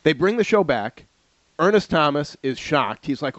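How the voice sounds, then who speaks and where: A man's voice: on the high side, normal speed, no room sound, lo-fi sound. A man co-hosting a podcast, telling stories in a casual chat with lots of laughs and repeated words. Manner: animated storyteller, laughs often, repeats words. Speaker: podcast co-host. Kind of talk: casual chat about old TV shows.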